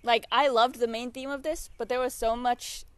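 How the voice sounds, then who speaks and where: A woman's voice: a little high, fairly even intonation, moderate pace, clean tone. A woman chatting casually to camera about books. She gushes with enthusiasm and laughs often. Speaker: book vlogger. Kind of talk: casual book chat to camera.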